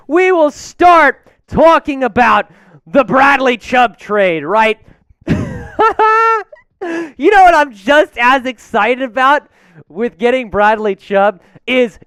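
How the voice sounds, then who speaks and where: Hyped high-voiced male sports streamer. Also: smooth, no echo. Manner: hyped, shouting out viewers' names. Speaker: host. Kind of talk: live sports stream reaction.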